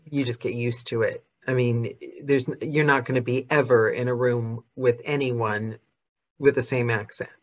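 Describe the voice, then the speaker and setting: A woman's voice: rumbling low, fairly even intonation, normal speed. Give me a chatty woman interviewer on a dull, lo-fi recording. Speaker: host. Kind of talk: casual interview chat.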